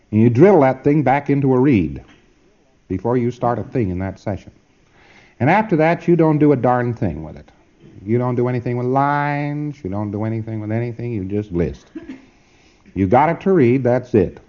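A man lectures in a mellow, darkish voice that rises and falls with lively emphasis. He keeps checking whether his listeners have got it, with a wry edge. The old tape sounds muffled and lo-fi. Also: mid-range voice. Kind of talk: informal training lecture.

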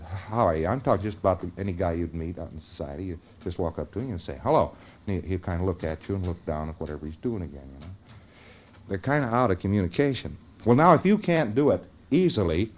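A man's voice: lowish voice, dull audio. A man giving an informal lecture in a conversational way, often checking in with his listeners.

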